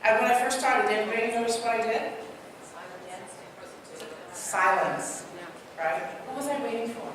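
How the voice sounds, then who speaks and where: A woman from Trinidad giving an interactive workshop talk, animated and quizzing her audience. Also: on the high side, normal speed, pauses often, crowd noise. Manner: animated, asks the audience many questions. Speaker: speaker and trainer. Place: large hall. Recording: echoey hall from far off, noisy.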